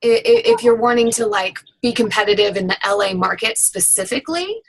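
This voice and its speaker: A woman's voice: medium pitch, big pitch swings, a little fast, low-quality recording. A woman who works as a voiceover actor and demo producer, giving friendly, rambling advice with many fillers on a webinar.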